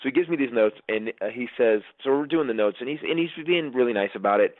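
Fast-talking man on a tinny line. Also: mid-range voice, no echo. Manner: animated storyteller, acts out quotes. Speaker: guest comedian. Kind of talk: casual interview storytelling.

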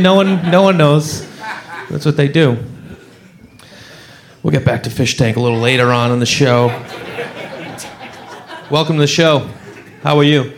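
A man's voice: a little high, fairly quick, pauses often. A man doing stand-up on a club stage, telling a rambling self-mocking story full of "you know" fillers. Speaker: stand-up comedian.

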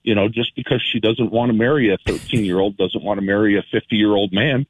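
A man's voice: on the low side, steady tone, a little fast, few pauses, breathy edge, no echo. A male caller on a talk radio show, rambling sarcastically with many fillers, heard over a phone line.

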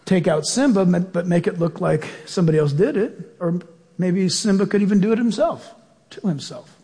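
A male pastor preaching a sermon and praying in an earnest, drawn-out way. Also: high voice, animated, warm tone, long reverb tail.

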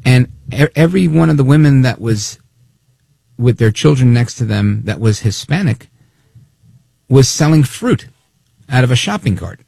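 A man hosting opinionated political talk radio, animated and snide, acting out quotes as he talks. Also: mid-range voice, normal speed, vocal fry, long pauses, slightly rough, no echo.

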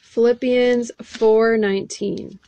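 A woman's voice: on the high side, steady tone, takes it slowly, warm tone. A woman preaching a sermon in an earnest way, reading scripture aloud and asking the listeners direct questions.

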